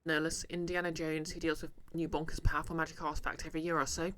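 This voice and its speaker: A man's voice: a little high, little pitch movement, fast, sharp tone, slight background noise. A man streaming a game, chatting casually and jokingly while reading the game text aloud.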